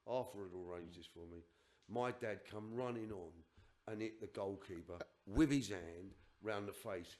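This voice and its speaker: A man's voice: on the low side, moderate pace, a little mellow. An older man on a podcast, telling a personal story in an emphatic, rambling way with restarts and asides. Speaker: podcast guest.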